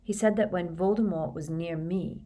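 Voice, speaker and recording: Troubled teenage wizard boy, read by a woman, short and grim, low voice. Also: moderate pace, warm tone, close to an everyday voice.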